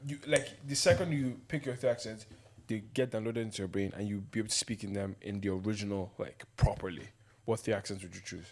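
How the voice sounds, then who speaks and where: A man's voice: lowish voice, fast, a little mellow. A man from Northern Ireland co-hosting a podcast in casual, bantering chat, laughing often. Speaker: podcast co-host.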